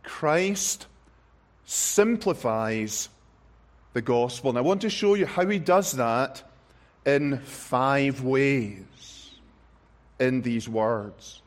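A man's voice: mid-range voice, slow pace. A man preaching a sermon, stressing words one by one and repeating phrases for effect.

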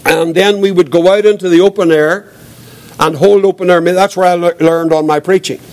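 An older man giving his testimony as a preacher, earnest and reflective, with a quiet voice. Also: high voice, fairly even intonation, fairly quick. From Northern Ireland. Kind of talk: testimony sermon.

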